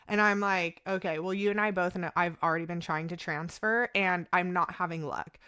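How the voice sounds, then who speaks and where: A woman in her thirties with a bright, forceful voice, chatting casually as a podcast guest. She tells her story with energy and acts out both sides of the conversations she quotes. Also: mid-range voice, moderate pace, hardly any pauses, clean tone.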